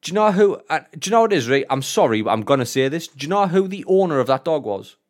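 A Northern English man co-hosting a podcast, telling an animated story full of swearing and frequent laughter. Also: a little high, fast talker. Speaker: podcast co-host. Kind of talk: casual chat, storytelling.

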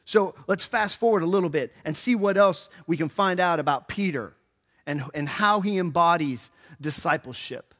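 Preaching in church, a male pastor tells his story in a relaxed, joking manner, animating it by performing quotes. His voice is fairly high and he speaks at normal speed.

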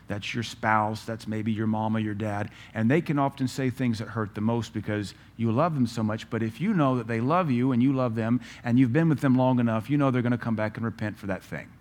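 A man preaching a sermon, firing off rhetorical questions and telling stories with lively energy. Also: medium pitch. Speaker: pastor.

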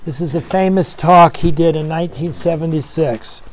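A man's voice: a little high, normal speed, slight background noise. A man leading a recovery meeting, talking earnestly and conversationally, asking the room questions and acting out voices in his story.

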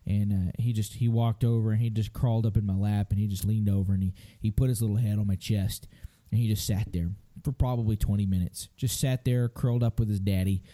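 A man's voice: lowish voice, steady tone, quick pace, mellow. A middle-aged man co-hosting a parenting podcast, telling a story in a rambling, folksy way with frequent laughs. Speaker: podcast co-host. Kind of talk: casual chat.

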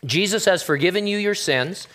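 A man, a pastor, preaching a sermon in a relaxed, conversational way with wry, joking asides. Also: sits high, moderate pace.

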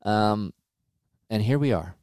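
A man's voice: lowish voice, slow, dry recording, studio quality. Profane, candid middle-aged man. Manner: candid, profane, animated storytelling. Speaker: podcast host. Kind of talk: casual chat.

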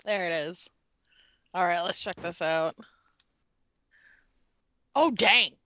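A woman hosting a podcast over a video call, relaxed and dryly amused. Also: fairly low pitch, takes it slowly, dry recording. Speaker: podcast host. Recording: dry, dull lo-fi call audio.

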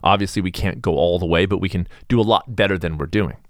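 Podcast host, middle-aged American man, sarcastic and blunt, low pitch, dry booth sound. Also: fast, no echo. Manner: blunt, sarcastic, animated asides. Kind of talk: casual opinionated monologue.

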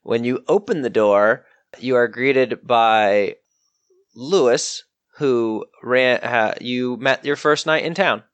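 A man running a tabletop game as game master, narrating in a relaxed, rambling way. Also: mid-range voice, slow pace, dry recording.

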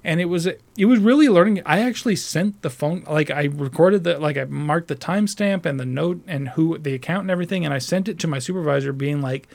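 Man, somewhat higher voice, casual profane storyteller; rambling, restarts often, animated. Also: a little fast, vocal fry, hardly any pauses. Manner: animated, mimics other voices while retelling. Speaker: call center customer service agent.

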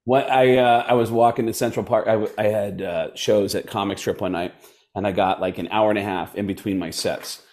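A man, a comedian, telling stories casually and animatedly, dropping into quick impressions of other people. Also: fairly low pitch, steady tone, darkish tone. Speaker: comedian guest. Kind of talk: casual storytelling.

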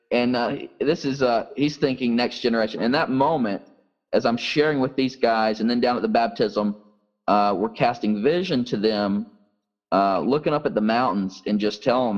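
A man's voice: mid-range voice, normal speed. Earnest man telling a story, lo-fi. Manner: earnest, first-person testimony. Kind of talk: storytelling in an interview.

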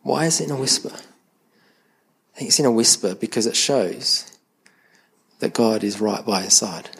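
During a church service, a male pastor with a medium-pitched, slightly bright voice preaches conversationally. He often repeats words as he restarts a thought and aims light humor at the congregation.

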